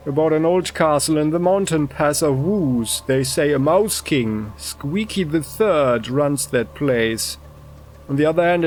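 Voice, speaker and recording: A man voicing a nervous male clerk in a game who blurts out shouted words and then apologizes meekly. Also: on the high side, a little hiss or hum, lightly acted.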